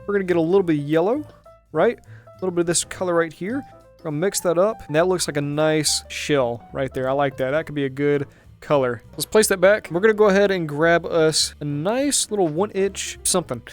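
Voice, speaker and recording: A man's voice: on the high side, brisk, faint music behind. A man hosting a gaming channel, giving upbeat, jokey running commentary while he plays. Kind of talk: casual gameplay commentary.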